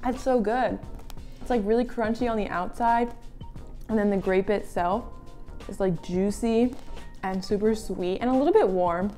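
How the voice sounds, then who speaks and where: A young woman talks through a recipe in a casual cooking vlog, giggling and saying "like" as she goes. She sounds nervous and excited by turns. Soft music plays faintly behind her voice. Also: mid-range voice, normal speed. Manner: excitable and nervous, laughs often, says "like" a lot. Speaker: food vlogger.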